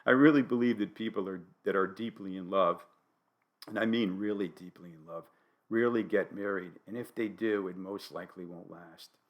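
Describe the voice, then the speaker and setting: An older man from New Haven, Connecticut, with a New England accent, hosting a solo podcast with dry, wry, deadpan humor. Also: deep voice, normal speed, dull audio. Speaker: podcast host.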